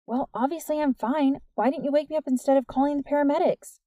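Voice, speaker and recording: A woman reading the part of a blunt, skeptical teenage girl with a brisk, dismissive way of talking. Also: high voice, fairly even intonation, dark tone, no echo, studio quality, voice pushed up, close to an everyday voice.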